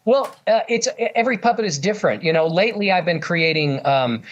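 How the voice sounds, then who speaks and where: A man's voice: high voice, lively intonation, moderate pace, highs cut off. A man who works as a ventriloquist, chatting eagerly in an interview and telling stories with lots of fillers. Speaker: ventriloquist guest. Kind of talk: casual interview chat.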